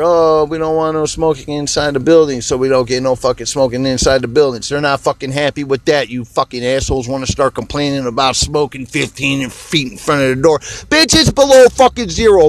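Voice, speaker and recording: A man hosting a podcast alone, delivering an angry, rambling, profanity-filled rant while driving a car. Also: mid-range voice. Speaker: podcast host. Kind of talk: profane ranting monologue.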